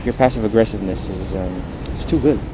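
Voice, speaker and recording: A man's voice: fairly low pitch, fast talker, natural voice. A young man with a Filipino accent, playing a sincere, apologetic husband talking outdoors. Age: young adult. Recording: street noise outdoors.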